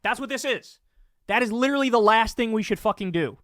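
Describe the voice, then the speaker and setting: A man's voice: high voice, expressive, brisk, a bit bright, dry recording, studio quality. A man hosting political commentary, ranting angrily with lots of swearing. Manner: angry, profane ranting.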